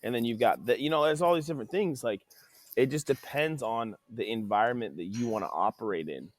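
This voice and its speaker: A man's voice: mid-range voice, brisk, dry recording. A man who owns a training facility, talking casually on a podcast and acting out quoted conversations. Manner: animated, acts out quoted dialogue.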